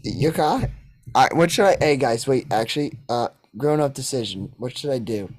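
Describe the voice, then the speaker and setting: A young man in casual podcast chat, rambling and excitable, swearing freely. He jumps between half-finished thoughts and bursts into loud chanting when something pleases him. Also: medium pitch, normal speed. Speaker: podcast co-host.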